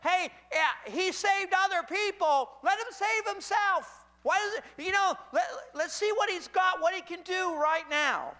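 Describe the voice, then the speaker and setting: A man's voice: very high-pitched, a little slow, few pauses, sharp tone, pitched above the performer's own voice, heavily acted. A man preacher voicing a jeering male onlooker who taunts a condemned man in a sneering tone. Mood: mocking.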